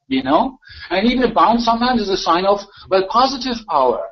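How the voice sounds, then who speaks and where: A man's voice: high-pitched, lively intonation, a little fast. A man ranting argumentatively in a live voice chat room, repeating himself and mocking others. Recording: dull lo-fi voice chat audio.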